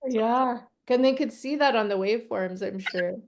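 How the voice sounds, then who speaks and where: Chatty, animated woman therapist. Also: fairly high pitch, moderate pace, a little hiss or hum. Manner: chatty, laughs often, animated storytelling. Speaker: respiratory therapist, host. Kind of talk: casual group discussion.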